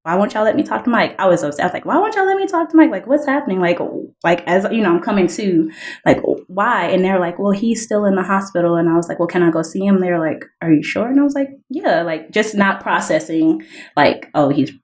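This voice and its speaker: A woman's voice: fairly low pitch, brisk. A woman guest on a podcast, earnestly telling a personal story, full of "like" fillers and reenacted dialogue. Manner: earnest, heavy use of "like" fillers; reenacts dialogue in raised voices. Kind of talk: personal testimony in conversation.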